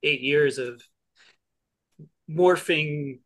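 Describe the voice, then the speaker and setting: A man hosts a podcast and asks long, rambling questions. He stops and starts often as he works his way to the point. His voice sits somewhat high for a man. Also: fairly bright tone. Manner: meandering, halting questions. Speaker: podcast host. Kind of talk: casual interview chat.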